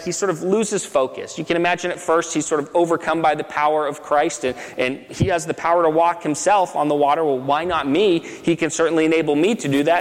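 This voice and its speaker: Male pastor, slightly high voice, chatty sermon delivery with "right?" asides, reverberant hall sound. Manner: conversational, frequent "right?" asides and restarts.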